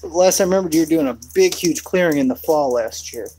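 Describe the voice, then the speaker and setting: Man, somewhat high voice, rambling easygoing live-stream host chatting outdoors with faint noise behind. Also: a little fast, mellow, rough recording. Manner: rambling and laid-back, many fillers. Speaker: homesteading vlogger. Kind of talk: live casual walk-through chat. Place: outdoors in his backyard, rainy.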